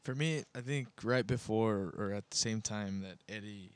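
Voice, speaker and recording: Low voice dude chatting easy, kinda halting, dry room. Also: male voice, clean tone, dry recording. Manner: relaxed, chatty, slightly halting. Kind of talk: casual podcast chat.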